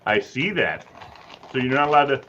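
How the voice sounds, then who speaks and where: Animated guy, kinda muffled audio with faint hiss. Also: mid-range voice, normal speed. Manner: lively, joking, chimes in. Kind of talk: casual chat. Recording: dull faint-noise line.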